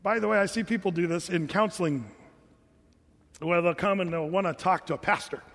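A man with a high voice preaches a sermon in a conversational way. He reads scripture and stops to put questions to his listeners. His voice rings with the long reverb of a large hall. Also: a little fast, a bit bright. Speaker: pastor. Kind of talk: sermon, reading and explaining scripture.

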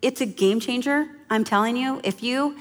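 A woman's voice: a little high, moderate pace, big-room sound. A mother giving an emphatic, conversational sermon-style talk to a women's church gathering. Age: adult mother.

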